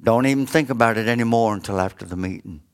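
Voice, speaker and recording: A man voicing a pastor's practical, caring wife in a low, matter-of-fact voice. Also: quick pace, vocal fry, clear, resonant tone. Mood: firm.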